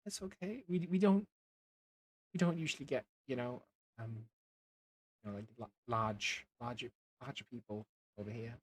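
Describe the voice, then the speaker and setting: A man voicing a small, timid female tavern worker in a squeaky, flustered voice. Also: normal speed, pauses often, no echo, natural voice.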